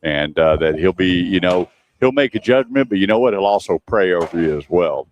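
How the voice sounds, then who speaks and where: A man, his voice low-pitched, hosts a casual radio show recorded outdoors. He talks chattily and tells anecdotes with plenty of laughter. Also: animated, fairly quick, no echo, highs cut off. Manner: chatty storyteller, laughs often. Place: outdoors at a shooting range.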